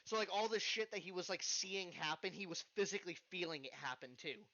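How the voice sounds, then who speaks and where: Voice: mid-range voice, expressive, fairly quick, pushed and bright. A podcast host telling a story in casual chat, acting out the voices and swearing freely. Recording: dull lo-fi podcast recording.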